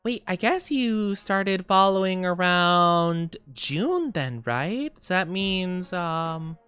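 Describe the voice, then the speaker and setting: A woman's voice: fairly low pitch, expressive, slow, a bit bright, clear, resonant tone, soft background music. A tired woman streamer rambling and giggling in casual chat, greeting viewers as she goes.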